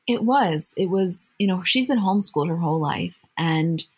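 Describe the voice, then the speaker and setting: A woman co-hosting a podcast in casual chat, telling things in a thoughtful, measured way. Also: lowish voice, expressive, a little mellow, husky. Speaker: podcast co-host.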